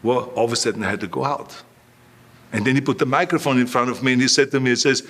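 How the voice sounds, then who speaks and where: An older man as an interview guest, telling animated anecdotes and acting out the lines of the people he quotes. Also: medium pitch, fast. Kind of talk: storytelling in an interview.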